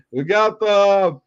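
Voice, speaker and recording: A man hosting a casual livestream chat, joking loosely and laughing often as he welcomes people. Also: high-pitched. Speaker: livestream host. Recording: dull, lo-fi stream audio.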